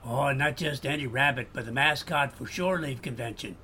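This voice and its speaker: A man's voice: moderate pace, sharp tone, breathy edge. A man with a Boston accent playing an upbeat customer trying to sell a clock. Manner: salesy, upbeat pitching. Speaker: customer selling items.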